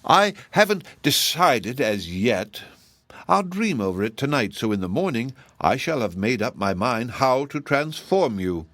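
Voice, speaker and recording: A man voicing a cruel, scornful giantess sorceress in an audiobook, speaking slowly and mockingly. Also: mid-range voice, very animated, a bit bright, no echo, voice pushed up. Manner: slow, mocking and menacing.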